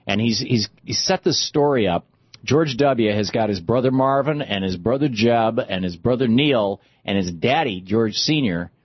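A man's voice: mid-range voice, breathy edge, no room sound, lo-fi sound. A man hosting a talk show, chatting about politics in a rambling, conversational way with many fillers and restarts. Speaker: talk radio host. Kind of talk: casual political commentary.

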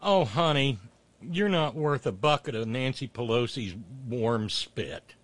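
Sarcastic man with lively pitch. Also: a little slow. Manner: mocking, mumbling asides, rising rants. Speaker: political commentary host. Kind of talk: sarcastic commentary on clips.

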